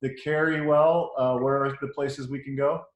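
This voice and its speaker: A man's voice: mid-range voice, little pitch movement, normal speed. A man hosting an interview, closing it with appreciative, slightly hesitant remarks and filler words. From United States. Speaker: interview host. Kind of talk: casual interview wrap-up. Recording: roomy call audio with faint noise.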